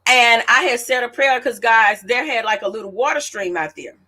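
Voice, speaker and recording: A woman's voice: on the high side, normal speed. A woman in her late thirties, an author, telling a story casually and animatedly to her audience. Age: late 30s. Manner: animated, chatty, addresses listeners as y'all. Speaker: author hosting her own celebration.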